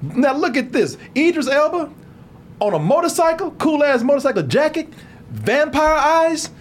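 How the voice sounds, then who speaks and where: A man hosting a comedic film-review podcast, talking in an animated, profane way and laughing often. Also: very high-pitched, moderate pace, faint music behind.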